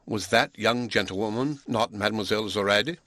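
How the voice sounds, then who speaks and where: Audiobook: male reader as a gruff proud Englishman, brusque and scolding, lowish voice, dry sound. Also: fairly quick, fairly bright tone, no echo, lightly acted. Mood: blunt.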